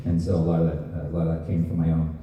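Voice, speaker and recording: A man's voice: rumbling low, racing, slight background noise. A man with a neutral American accent, telling stories and laughing as a guest on a convention panel. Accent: neutral General American. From Canada. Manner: animated storytelling, laughs often. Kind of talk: casual convention panel talk. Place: large convention hall. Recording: distant echoey hall, muffled.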